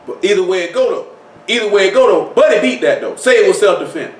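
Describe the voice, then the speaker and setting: A man preaches an informal sermon in a high-sitting, expressive voice at a quick pace. He talks conversationally, with many rhetorical questions and repeated phrases. The room is echoey and the mic is far off.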